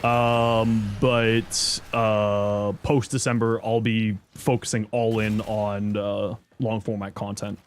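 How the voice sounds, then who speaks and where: A man livestreaming in casual chat, reading viewer messages aloud and thanking subscribers, thinking out loud. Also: level tone, takes it slowly, smooth. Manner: squeaky high-pitched outbursts of surprise. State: chewing an apple.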